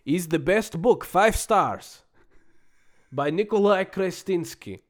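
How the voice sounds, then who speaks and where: A swaggering Russian immigrant, as a man puts him on, reads a review in thick put-on Russian-accented broken English. His voice sits higher and louder than plain talk, full of grand, dramatic pride. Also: lively intonation, slow. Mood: boastful.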